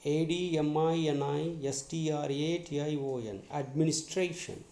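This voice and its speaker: A male English teacher giving a lesson, spelling words letter by letter and repeating each one slowly. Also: a little high, steady tone, dark tone. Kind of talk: classroom lesson on syllables. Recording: echoey room.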